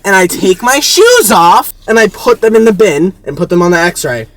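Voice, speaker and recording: Young man, high voice, animated ranting storyteller, swears a lot, casual chat. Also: normal speed, hardly any pauses. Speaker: co-host.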